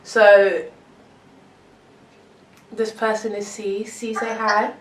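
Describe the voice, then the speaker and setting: A young woman with a London accent chatting excitedly through a mukbang vlog, rambling and giggling between bites. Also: medium pitch, drawn-out words, far from the mic. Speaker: vlogger. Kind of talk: casual mukbang chat. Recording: roomy echo, mic some way off.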